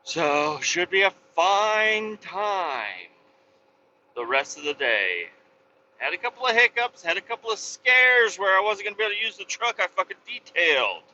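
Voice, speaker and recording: A man, a truck driver, telling road stories in a casual, profane and animated vlog from his truck cab, with a dull lo-fi sound. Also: high voice, slight background noise.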